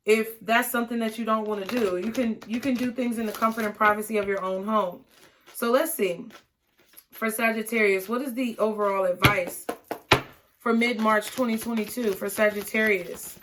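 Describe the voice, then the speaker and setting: Encouraging tarot-reading woman, higher voice. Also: fairly bright tone, a little hiss or hum. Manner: encouraging, repeats words, many "okay?" asides. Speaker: tarot reader. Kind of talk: casual tarot reading to camera.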